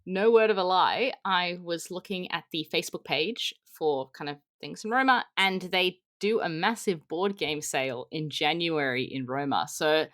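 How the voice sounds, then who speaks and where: A woman co-hosts a board game podcast and chats with animated enthusiasm. Her voice sits lower than most women's. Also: moderate pace, hardly any pauses. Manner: upbeat, animated storytelling. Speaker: podcast co-host. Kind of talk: casual chat.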